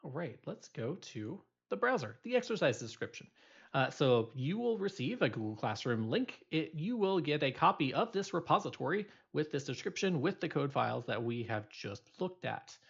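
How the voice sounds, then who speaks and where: A man's voice: fairly high pitch, big pitch swings, normal speed, gravelly, slightly rough, highs cut off. A male instructor giving a recorded programming lecture, explaining loosely with many fillers and restarts.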